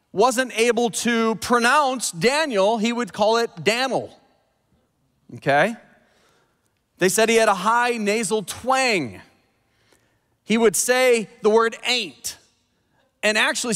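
A man with a high voice preaches in an animated way, mixing scripture reading with quick asides. His voice rings out with a long reverb trail, as if in a large church sanctuary. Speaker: pastor. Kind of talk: sermon.

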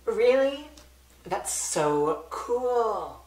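A man's voice: sits high, big pitch swings, drawn-out words, a little mellow, voice pushed up, heavily acted. A man voicing a sassy, fame-obsessed teenage heroine with a snarky, self-satisfied manner. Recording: roomy echo.

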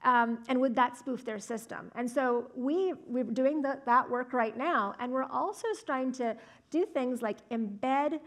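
A woman's voice: high voice, measured pace. A woman speech scientist giving a lecture and answering audience questions in a thoughtful, explanatory way. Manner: thoughtful, explanatory, frequent "right?" and "um". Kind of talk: academic talk with audience Q&A. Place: lecture hall.

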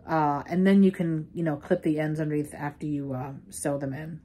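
Middle-aged lady rambling thru a crochet how-to, lots of ums, lowish voice. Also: steady tone, moderate pace, mellow, slightly rough. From New York. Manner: chatty and rambling, many fillers and restarts. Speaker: crochet teacher. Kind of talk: casual crochet tutorial.

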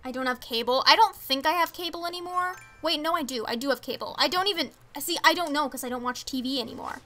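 A teenage girl streaming a video game, chatting casually and reacting to viewer messages with excitable, rambling enthusiasm. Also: high voice, fast talker. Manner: chatty, excitable, reads chat aloud.

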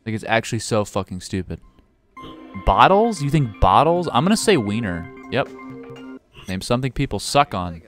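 A man's voice: medium pitch, sing-song, moderate pace, fairly bright tone, soft background music. A man streaming a game show game live, commenting in a profane, ranting, exasperated way.

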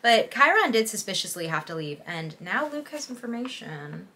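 Bright, excitable young woman vlogger. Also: mid-range voice, normal speed. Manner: animated, excitable, jumps between gasps and musing. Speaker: book vlogger. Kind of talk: casual reading-reaction vlog.

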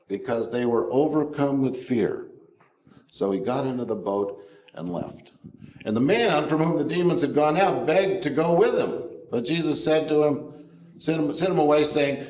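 Conversational pastor preaching in an echoey room. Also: male voice, mid-range voice, expressive, normal speed, a little mellow. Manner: conversational, with fillers and asides. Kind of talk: sermon. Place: church.

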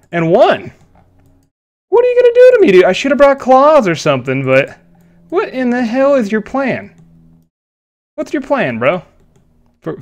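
A young man giving live commentary on his own gameplay, excitable, laughing often and swearing. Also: high-pitched. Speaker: gaming YouTuber.

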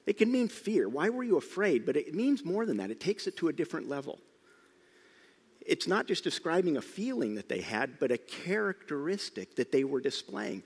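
A middle-aged man preaching a sermon, telling the story with lively emphasis, sometimes loud and sometimes hushed. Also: fairly high pitch, normal speed, gravelly, breathy edge. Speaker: pastor. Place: church sanctuary. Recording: church hall reverb.

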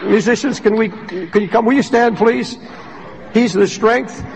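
A man preaching a sermon as pastor, impassioned and rising to shouts, recorded in a large church hall. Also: high-pitched, unhurried, vocal fry, crowd noise, noisy background. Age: older.

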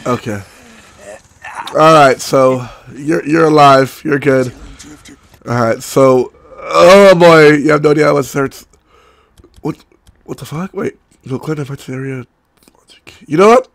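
A sick man with a cracking voice giving rambling, excitable gameplay commentary, swearing often. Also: mid-range voice, measured pace, gravelly, long pauses, dry recording. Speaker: let's play gamer.

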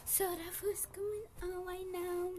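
A woman's voice: extremely high pitch, level tone, slow pace, dark tone, a little hiss or hum. A woman hosting a gaming channel, chatting casually and rambling as she plays and makes up a story. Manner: rambling, chatty, with sudden outbursts. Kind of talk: casual gameplay commentary with storytelling.

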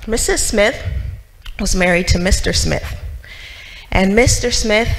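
A woman's voice: mid-range voice, low-quality recording. A woman telling a story to children in church, asking them questions and acting out the characters.

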